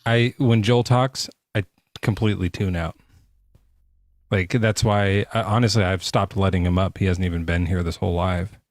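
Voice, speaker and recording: A man co-hosting a casual live podcast chat, joking crudely and talking in an animated way. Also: sits low, normal speed, dry recording. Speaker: podcast co-host.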